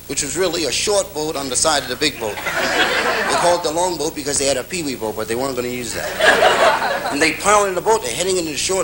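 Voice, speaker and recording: A man telling a stand-up comedy story, animated and playful, on a 1960s TV broadcast. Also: mid-range voice, very noisy. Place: TV studio stage.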